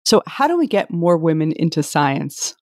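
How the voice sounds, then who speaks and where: A woman hosting an interview, asking scripted questions in a polished, measured way. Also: sits low, very animated, darkish tone, no echo, studio quality. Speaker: podcast host.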